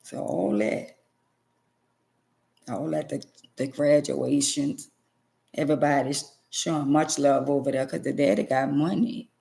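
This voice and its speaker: A woman's voice: low-pitched, unhurried, vocal fry, long pauses, mellow. A middle-aged woman vlogger giving an emotional personal testimony to her viewers, emphatic and preachy, repeating phrases for stress.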